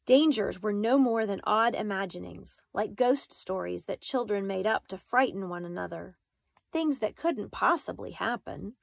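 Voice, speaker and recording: A woman narrating a children's novel in a measured, expressive reading voice. The recording is very dry and close, with a mid-range pitch. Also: creaky, no room sound. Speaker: audiobook reader.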